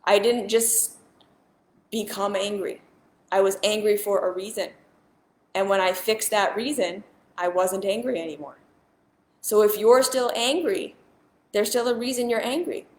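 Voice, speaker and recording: A woman at an everyday middle pitch speaks directly to her viewers as a spiritual teacher. She is earnest and emphatic and circles back to the same point again and again. Her voice rings a little in a reverberant room. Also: unhurried, pauses often, a little mellow. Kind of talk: casual monologue to viewers.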